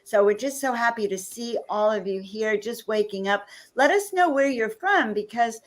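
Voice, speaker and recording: A woman's voice: a little high, moderate pace. A woman co-hosting a live stream, introducing guests and greeting viewers with enthusiasm. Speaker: co-host.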